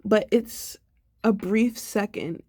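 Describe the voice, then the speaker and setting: A woman's voice: mid-range voice, slow pace, warm tone. A sad, subdued young woman in a personal video diary, talking reflectively and rambling with many fillers. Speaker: vlogger.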